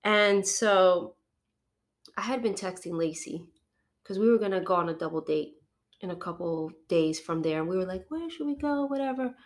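A woman's voice: lowish voice, fairly even intonation, normal speed. A middle-aged woman, a podcast guest, giving an emotional personal testimony, acting out her phone calls and sniffling now and then from allergies.

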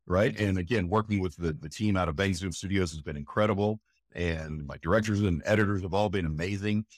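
A man, a voice actor, telling stories in an animated, emphatic way during an interview. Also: low-pitched, brisk, dry recording, clean studio sound. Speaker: voice actor guest. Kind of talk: enthusiastic interview chat.

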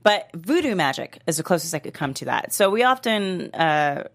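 Low-voiced chatty woman co-host. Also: big pitch swings, moderate pace. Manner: chatty, explains at length with many fillers. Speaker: aftershow co-host. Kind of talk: casual chat.

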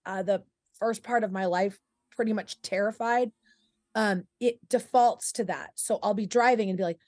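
A woman's voice: mid-range voice, moderate pace, a little mellow, no room sound, clean studio sound. A woman co-hosting a podcast, talking in a rambling, candid way and acting out the voices in her head. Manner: rambling, acts out her inner voice. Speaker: podcast co-host. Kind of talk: casual conversation.

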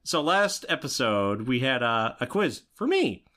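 A man's voice: mid-range voice, big pitch swings, a little slow, bright, forceful tone. A man co-hosting a podcast in casual chat, reading out quiz questions and laughing often. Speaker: podcast co-host.

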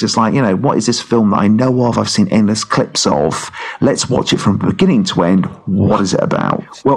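A man's voice: on the low side, slightly rough. A man co-hosting a comedy podcast, rambling through a film review with many ums and restarts. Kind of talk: casual comedy chat.

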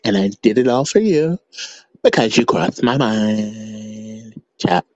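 A man playing a doting caller bragging about homemade cake in a slow, syrupy, drawn-out way, in a comedy voicemail sketch. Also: lowish voice, expressive, a little mellow, dry recording, lo-fi sound.

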